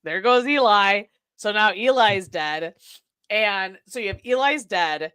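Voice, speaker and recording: Slow-talking profane woman podcaster. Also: medium pitch, fairly bright tone, clear, resonant tone, no room sound, studio quality. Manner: profane, laughing retelling with mimicked lines. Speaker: podcast co-host. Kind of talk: casual movie review chat.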